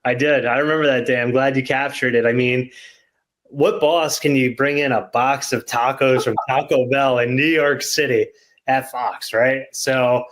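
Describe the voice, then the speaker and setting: A man's voice: mid-range voice, normal speed. A man with a mid-range voice talks in an easy, reflective tone. He muses on the past without hurrying. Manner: relaxed, reflective, frequent short agreements. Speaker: podcast host. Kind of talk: casual reminiscing chat.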